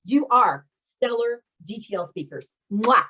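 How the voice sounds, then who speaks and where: A woman with a fairly high voice leads a graduation call for her speaking students, gushing with encouragement and praise. The audio comes through slightly muffled and lo-fi, like a video call. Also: fairly quick. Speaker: speaking coach and course host.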